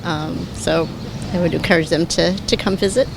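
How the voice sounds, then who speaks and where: A woman answering a street interview question in a polite, measured way. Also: fairly low pitch, steady tone, gravelly, noisy background. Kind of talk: vox pop answer. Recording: street interview clip over music.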